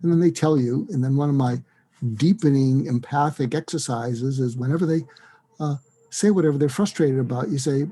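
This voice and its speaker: Husky-voiced man with a mellow tone. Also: fairly high pitch, normal speed. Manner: animated, acts out dialogue in quoted voices. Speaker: psychiatrist and guest. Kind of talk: interview advice talk.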